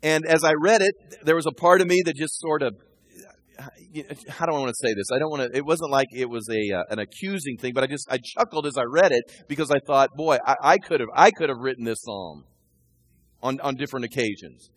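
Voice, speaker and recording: A male pastor preaching a sermon, shifting between quiet asides and loud, emphatic readings of scripture. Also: mid-range voice, animated, a little fast, breathy edge.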